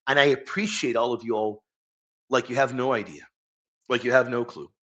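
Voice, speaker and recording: A man's voice: mid-range voice, normal speed, a bit bright, dull audio. A man hosting a live stream, chatting casually and enthusiastically with viewers and reading quotes aloud.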